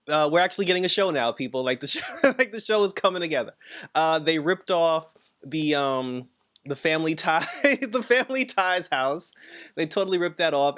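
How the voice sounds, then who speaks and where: A man casually reviewing a TV episode, laughing often and acting out characters' lines. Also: fairly bright tone. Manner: laughing, filler-heavy, acts out quotes in a high voice. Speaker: show reviewer.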